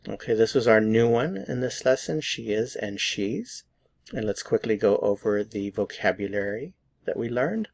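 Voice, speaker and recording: A man with an American accent teaching a pronunciation lesson, repeating each word slowly and deliberately for learners to copy. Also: on the low side, no echo. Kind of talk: slow drilled pronunciation lesson.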